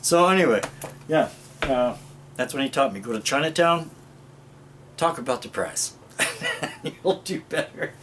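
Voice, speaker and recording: A man's voice: a little high, animated, measured pace, pauses often, fairly bright tone, a little hiss or hum. A man hosting a casual show-and-tell garden vlog outdoors, rambling and chuckling often as he talks to viewers. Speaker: gardening video host.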